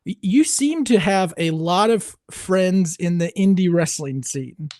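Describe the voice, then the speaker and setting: Man, podcast host, relaxed interviewer, high-pitched. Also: unhurried, no room sound, studio quality.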